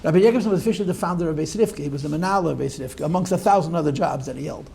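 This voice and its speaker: Older man teacher for a classroom talk, high pitched with a gravelly fry, wandering storyteller with wry asides. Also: very fast, warm tone.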